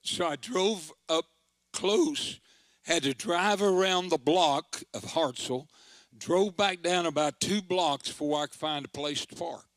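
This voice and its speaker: A man's voice: a little high, a little slow, no echo. An older man, a country pastor telling a story in a sermon with folksy, dramatic delivery. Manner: folksy, dramatic, swells into forceful proclaiming.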